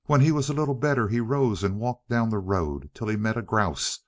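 Audiobook reader, a man with a low, expressive voice, dry close sound. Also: moderate pace, no room sound. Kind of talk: fairy tale narration.

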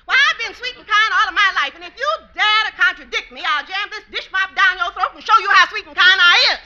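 Sapphire, shrill scolding wife. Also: female voice, quick pace. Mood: indignant. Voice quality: scolding, brassy. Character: sharp-tongued, fed-up wife. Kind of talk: 1950s radio sitcom acting. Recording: dull old radio broadcast recording, faint hiss.

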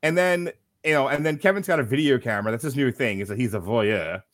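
Talking fast in a mid-range voice, this man co-hosts a podcast and delivers a casual, comedic movie recap. His take is sardonic and profane, and the studio-quality recording has no echo.

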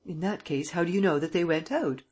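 A blustering, undecided police sergeant from a spoken storybook, his questions pushed up higher and louder than the narration, as a reader puts him on. The tone stays husky, with a rough edge. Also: a little fast, close to an everyday voice. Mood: pressing.

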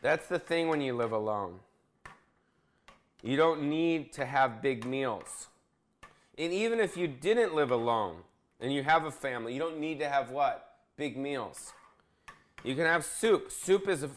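A man's voice: medium pitch, animated, a little slow. A man hosting a casual comedic cooking vlog, bossy and profane, teasing his cameraman. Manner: crude, bossy, joking, profane.

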